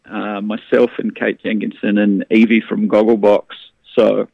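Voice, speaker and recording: A man tells stories in a lively rush, stumbling over restarts as he talks. His voice has a gravelly edge and comes through a tinny phone line. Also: on the low side, unhurried, no echo. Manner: animated storyteller, frequent restarts. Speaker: comedian guest. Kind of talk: casual radio interview.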